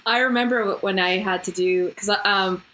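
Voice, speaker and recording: A woman's voice: medium pitch, steady tone, moderate pace, fairly bright tone, slight background noise, poor audio. A woman co-hosting a podcast, a former compositor, chatting casually with many "like" fillers and easy laughs. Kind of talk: casual chat.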